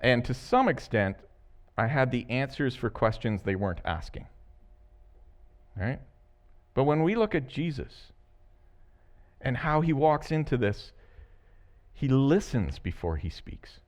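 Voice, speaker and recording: A man preaching a sermon as a pastor, animated and laughing often as he acts out the story. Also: mid-range voice, measured pace, pauses often.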